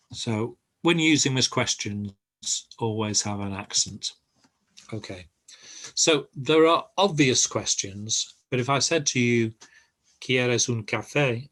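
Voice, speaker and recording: Slow, halting older man teaching. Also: medium pitch, fairly bright tone. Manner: patient, halting explanations with many pauses. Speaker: language teacher. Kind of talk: online group lesson. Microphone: video call.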